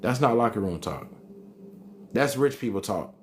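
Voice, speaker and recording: A man's voice: mid-range voice, animated, normal speed, slight background noise. A man hosting a live stream, reading chat comments aloud and arguing back with emphatic repetition. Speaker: livestream host reading chat.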